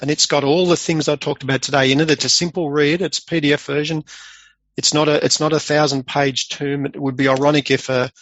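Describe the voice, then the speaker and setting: A man's voice: on the high side, little pitch movement, fairly quick, a bit bright, no echo, highs cut off. A man speaking as a guest in a podcast interview, with frequent restarts as he gives practical pointers. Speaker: guest, private practice consultant.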